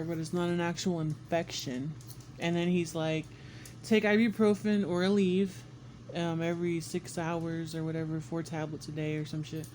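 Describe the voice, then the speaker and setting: A man vlogging a casual story about being sick, animated and swearing often, acting out what people said. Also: a little high, a little hiss or hum. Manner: animated, swears often, acts out quotes with squeals. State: congested and sick.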